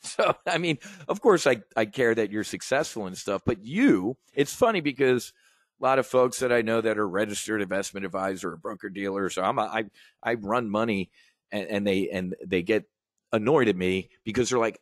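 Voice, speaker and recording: A middle-aged man giving a brash, swaggering sales pitch monologue as a trading educator, telling stories with profanity and talking straight to his audience as folks. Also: normal speed, no room sound.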